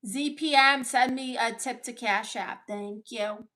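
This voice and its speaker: Brooklyn-accented woman host, a touch high-pitched, sassy and unapologetic, chatting with viewers on a stream. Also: unhurried, pushed and bright. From Brooklyn, New York. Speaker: livestream host. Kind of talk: casual livestream chat reading viewer comments.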